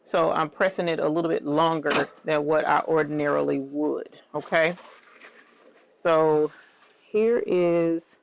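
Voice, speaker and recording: A woman hosting a casual craft stream, bubbly and excitable, often squealing and laughing. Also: low voice, a little slow, gravelly, slight background noise. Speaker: crafting channel host. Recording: dull, slightly lo-fi sound.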